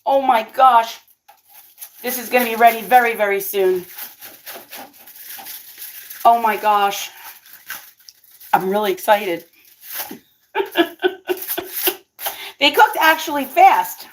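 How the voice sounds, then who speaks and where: A woman hosting her own cooking vlog, chatting casually with viewers, excitable and always exclaiming and laughing. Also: fairly high pitch, slow, pauses often, a little hiss or hum. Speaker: cooking vlogger and channel host.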